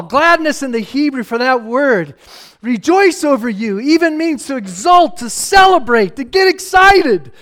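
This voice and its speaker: A man preaching a sermon in a conversational way, dropping to near-hushed asides and then rising to fired-up emphasis. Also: very high-pitched.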